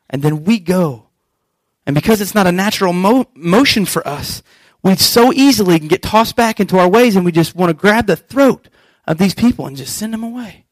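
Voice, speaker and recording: A man preaching a sermon as pastor, animated and acting out scripture scenes. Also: sits high, moderate pace, no echo, rough recording.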